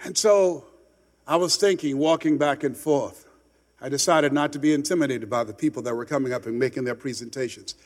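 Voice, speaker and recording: A man from Miami giving an impassioned motivational speech, repeating words for emphasis and dropping to a hush for stories. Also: mid-range voice, fairly quick, long reverb tail. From Miami, United States. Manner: emphatic, repeats words, swings from loud to hushed storytelling. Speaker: motivational speaker.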